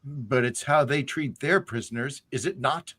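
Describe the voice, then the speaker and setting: A man reading the lines of a cruel, scheming undead lich queen in a slow, measured, menacing way. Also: mid-range voice, a bit bright, husky. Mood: cold menace.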